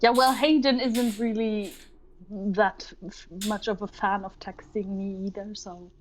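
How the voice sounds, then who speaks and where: A woman's voice: medium pitch, steady tone, measured pace, slight background noise. A woman from Germany, chatting and teasing as a player in a tabletop game. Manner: giggly and teasing. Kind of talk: casual chat on a game stream.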